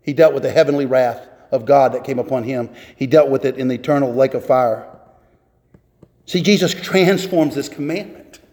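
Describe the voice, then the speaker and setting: A man's voice: medium pitch, moderate pace, a little mellow. A man in his twenties or thirties preaching a sermon as pastor, impassioned and voicing biblical figures in quotes. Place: church sanctuary. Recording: echoey church hall.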